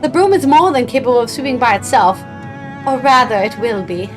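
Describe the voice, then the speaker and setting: A woman voicing a composed, scholarly young female mage as she reads game dialogue aloud, measured and formal. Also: fairly high pitch, lively intonation, soft background music, lightly acted. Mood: dry.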